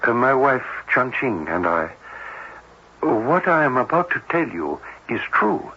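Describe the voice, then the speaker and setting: An actor playing a cautious, formal cardiologist, speaking in a measured, hesitant way in an old-time radio drama. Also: male voice, medium pitch, big pitch swings, pushed and bright, exaggerated voice. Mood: grave. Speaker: doctor. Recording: dull old radio broadcast with faint hiss.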